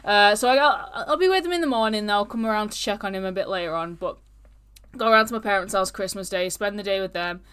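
Sex: woman. Role: podcast co-host. Style: casual, rambling chat. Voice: smooth and clear. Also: mid-range voice, fast, fairly bright tone. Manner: chatty and rambling.

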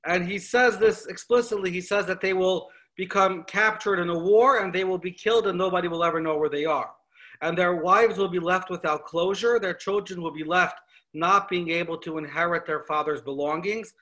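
Guy with a high-ish voice giving a torah class, lively storyteller, lots of questions. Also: moderate pace. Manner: animated storytelling with rhetorical questions. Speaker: Torah teacher. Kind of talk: lecture on scripture.

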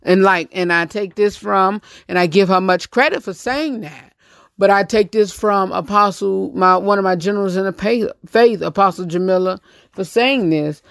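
A man's voice: high-pitched, moderate pace, gravelly, a bit bright, clear, resonant tone, no room sound, studio quality. A man with a Southern US accent hosting a casual talk segment, speaking bluntly and rambling with many restarts. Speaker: host.

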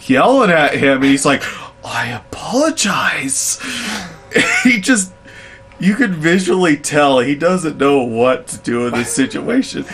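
A young adult man telling work stories in a casual chat, animated and laughing, acting out the voices of others. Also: mid-range voice, a little hiss or hum. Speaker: podcast co-host, storyteller.

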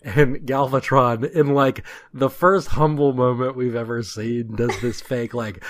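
A podcast co-host chatting casually about a show, adding dry jokes and quick impressions of characters. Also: medium pitch, steady tone, a little hiss or hum. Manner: joking, dry asides. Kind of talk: casual recap chat.

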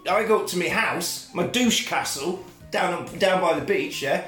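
Man playing a smarmy boss, smug, wheedling, high voice, roomy echo. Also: expressive, moderate pace, fairly bright tone. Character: smarmy corporate boss, middle-aged man. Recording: roomy echo, faint music.

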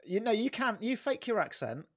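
A man's voice: sits high, big pitch swings, normal speed, no room sound, clean studio sound. An English man, a comedian and sports commentator, chatting as an interview guest in a rambling, self-deprecating way. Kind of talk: casual interview chat.

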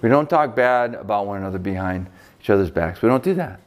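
A middle-aged man from Buffalo preaching a sermon as pastor, conversational and joking, with lively swings in pitch. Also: quick pace. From Buffalo, New York.

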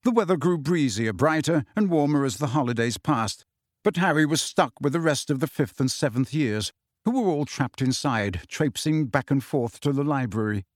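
A man narrating a novel in measured, deliberate audiobook style. His voice sits at a middle pitch and the recording is dry and close, with no room sound. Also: animated, dry recording. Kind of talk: scripted narration.

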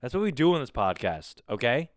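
A man hosting his own podcast alone, chatting casually in a rambling, excitable way with a lot of swearing. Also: mid-range voice, a little fast, no echo, studio quality. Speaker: podcast host. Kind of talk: casual solo podcast chat. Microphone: close studio mic on camera.

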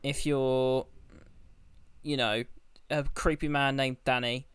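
A man's voice: medium pitch, level tone, slow, fairly bright tone, clear, resonant tone, no room sound. A young man co-hosting a podcast in casual chat, making dry, wry remarks. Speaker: podcast co-host.

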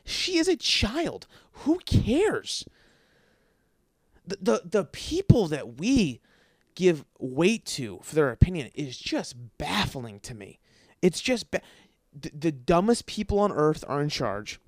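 A man hosting a podcast from his apartment, ranting with constant swearing, stuttering and repeated words, jumping between yelling and mumbling. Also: on the high side, sing-song, takes it slowly, dry recording, studio quality. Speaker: podcast host. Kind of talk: profane ranting monologue. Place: his apartment, in a dark room. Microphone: studio microphone.

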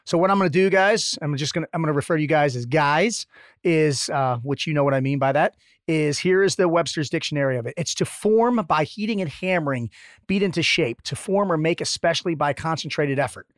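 A man's voice: on the high side, quick pace, dry recording, clean studio sound. A middle-aged man co-hosting an interview podcast, joking bluntly and swearing freely in casual chat. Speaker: podcast co-host, former Navy SEAL.

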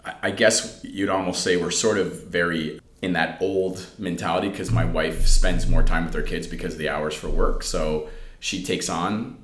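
A man's voice: sits low, normal speed, faint music behind. A middle-aged man being interviewed, chatting casually and acting out family conversations as he tells them. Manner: animated storyteller who acts out family dialogue. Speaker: interview guest. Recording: roomy echo.

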